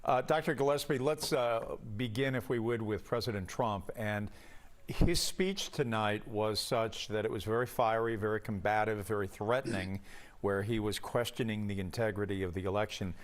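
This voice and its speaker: A man anchoring a broadcast news program, asking guests long, measured multi-part questions. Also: fairly low pitch.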